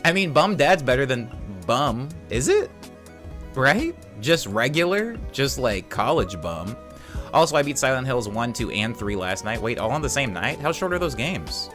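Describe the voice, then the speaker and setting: A man's voice: mid-range voice, big pitch swings, normal speed, a bit bright. A man casually chatting on his livestream, reading out viewer messages in a loose, rambling way with plenty of fillers. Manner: laid-back, rambling, laughs easily, many fillers. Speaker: streamer. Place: home. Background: faint music.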